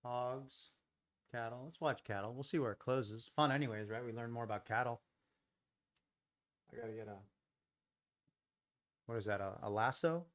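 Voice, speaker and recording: A man at a mid pitch gives unhurried live trading commentary, thinking out loud as he moves from one market to the next. He keeps questioning his own trade ideas and drops in relaxed, joking asides. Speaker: futures day trader streaming live.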